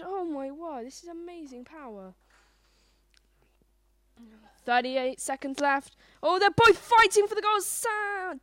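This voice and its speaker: A woman giving playful, excited sports-style commentary on a family table game. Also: high-pitched, no room sound. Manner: excited, animated.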